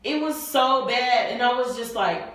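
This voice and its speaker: A woman co-hosting a podcast, chatting casually in slang and telling stories with animated energy. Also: a little high, normal speed, heavy reverb, far from the mic. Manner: animated, slangy storytelling with laughs. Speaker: podcast co-host. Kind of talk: casual chat. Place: room with friends at a bar setup.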